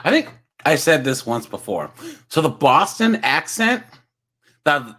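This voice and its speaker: Speaking slowly in a slightly high voice with a breathy edge, a lively young man hosts a reaction stream. He chats casually with viewers, laughs a lot, and addresses chat as "guys" and "dude."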